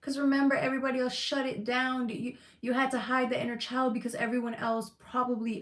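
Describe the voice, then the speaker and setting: A woman's voice: on the high side, little pitch movement, a little fast, few pauses, fairly bright tone. Emphatic woman reading tarot. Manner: emphatic and reassuring, repeats phrases, swears casually; emotional, close to tears at times. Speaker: tarot reader. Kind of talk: live-streamed tarot reading with chat.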